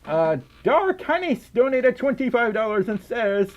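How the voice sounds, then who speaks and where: Reading donations on his livestream, a Southern-accented man from Mississippi is tired, silly and giggly, frequently trailing off and starting over. He speaks in a very high-pitched, sing-song voice at a measured pace.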